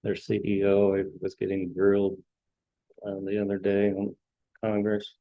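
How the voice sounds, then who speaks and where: A man's voice: fairly low pitch, completely flat delivery, no echo, lo-fi sound. A man hosting a trading show, going through stock charts in casual market commentary and often restarting his words as he scans. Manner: halting, repeats words while scanning charts.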